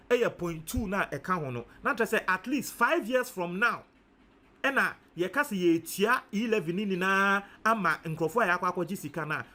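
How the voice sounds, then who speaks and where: A Ghanaian man with a high voice talks through his sums out loud in relaxed commentary. He repeats figures to himself as he reasons. He slips easily between English and Twi phrases. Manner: thinks aloud, repeats figures, mixes in Twi. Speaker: news commentator. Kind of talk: casual commentary, working out sums aloud.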